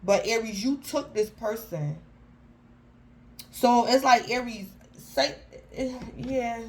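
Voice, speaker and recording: A woman's voice: a little high, takes it slowly, rough recording. Chatty woman giving a tarot reading. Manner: chatty, keeps calling out the sign by name; informal slangy phrasing with frequent restarts. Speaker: tarot reader. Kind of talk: casual tarot reading to camera.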